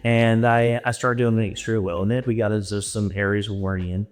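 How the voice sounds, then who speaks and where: A man from Texas, a podcast guest telling stories in an animated way and acting out dialogue. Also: lowish voice, brisk. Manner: animated, acts out dialogue in voices. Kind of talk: storytelling anecdote.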